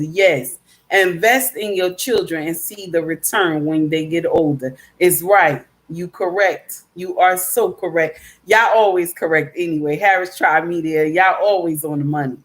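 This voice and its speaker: A woman with a voice on the low side speaks at a slow pace while hosting a casual livestream. She reads chat comments aloud and lectures emphatically, repeating her points and calling her listeners baby and my dear.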